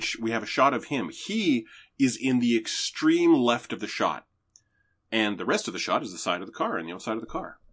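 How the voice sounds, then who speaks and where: A man hosting a podcast, chatting casually about movies and swearing freely. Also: mid-range voice. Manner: profane, animated retelling. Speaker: podcast host reviewing movies. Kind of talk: casual chat.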